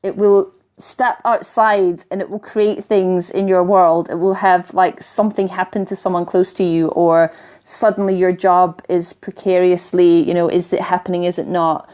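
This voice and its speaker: A middle-aged spiritual teacher with a softened Scottish accent reads viewer comments on a live stream, coaching them in a chatty way that drifts off topic with frequent laughter. Her voice is lowish and level, at a normal speed.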